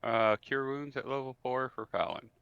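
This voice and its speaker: A man playing a tabletop game who describes his moves haltingly, with many ums, and questions the rules. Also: medium pitch, fairly even intonation, gravelly, a bit bright, clean tone, dry recording, highs cut off. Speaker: player. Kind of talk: casual tabletop game play.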